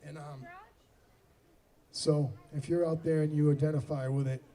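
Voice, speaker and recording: A man's voice: on the high side, flat delivery, normal speed, warm tone. Joking Boston man on stage. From Boston area, USA. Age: 40s. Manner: self-deprecating joking. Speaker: singer-songwriter. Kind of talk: stage banter at outdoor concert. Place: outdoor amphitheater stage. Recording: distant PA sound with music.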